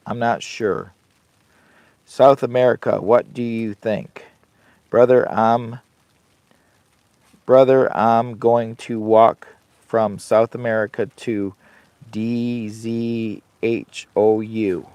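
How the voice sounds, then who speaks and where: A man's voice: mid-range voice, fairly even intonation, slow pace, a little mellow, no echo. An older man hosting a camping channel livestream, chatting in a rambling, folksy way from inside a heated tent. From Michigan. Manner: rambling, folksy, talks to chat and his dog. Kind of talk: casual livestream chat.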